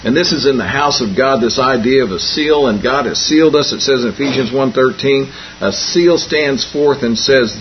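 A man's voice: medium pitch, moderate pace, a little hiss or hum. A man preaching a folksy Bible lesson, repeating and restarting phrases and telling homespun jokes, on a dull lo-fi recording. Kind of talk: folksy sermon.

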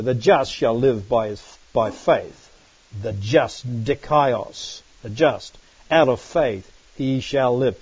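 A man's voice: a little high, mellow, slightly rough, dry recording. Man teaching a Bible study, lo-fi. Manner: explanatory, reads scripture aloud, frequent "right?" checks.

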